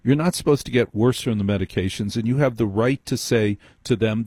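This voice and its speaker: A man's voice: medium pitch, fairly quick, darkish tone, dry recording, studio quality. A man hosting a late-night call-in radio show, wry and teasing, who cuts in on his callers. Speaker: radio talk show host. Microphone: studio microphone.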